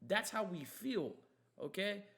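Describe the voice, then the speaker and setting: A man's voice: high voice, animated, slow pace, a bit bright. A young man hosting a podcast, telling a story in a heated, emphatic way and swearing often. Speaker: podcast host. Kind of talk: casual storytelling chat.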